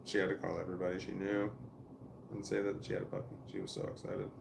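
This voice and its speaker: Gravelly profane man rambling a story. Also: deep voice, sing-song, fast, background noise. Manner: rambling, profane, restarts often. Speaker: vlogger telling a family story. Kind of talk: casual storytelling monologue.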